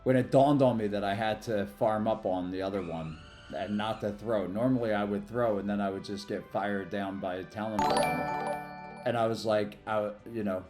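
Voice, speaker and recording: A man's voice: fairly low pitch, a little mellow, faint music behind. A man livestreaming a mobile game, chatting casually and rambling about his day between plays. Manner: rambling, chatty, quick to thank followers. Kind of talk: casual live stream chat while gaming.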